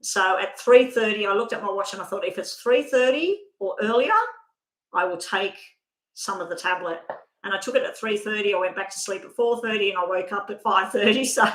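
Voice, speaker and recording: A woman's voice: mid-range voice, roomy sound, low-quality recording. A woman giving a live tarot card reading, talking in a chatty, rambling way and breaking off mid-thought. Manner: chatty, rambling, self-interrupting. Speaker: tarot reader.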